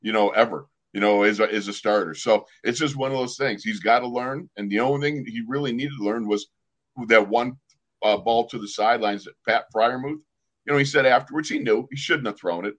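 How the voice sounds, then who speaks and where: An older man, a former pro football player, telling lively sports stories on a casual podcast. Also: mid-range voice, brisk. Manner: animated storyteller, acts out other people's lines.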